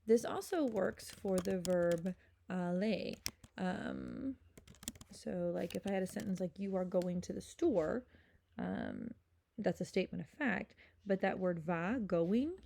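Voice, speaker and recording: Woman, French teacher, gravelly mellow voice, patient step-by-step explaining, keeps asking "okay?", faint typing and clicks behind. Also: lowish voice, measured pace, slight background noise. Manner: patient, checks in with "okay?" constantly. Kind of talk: recorded grammar lesson.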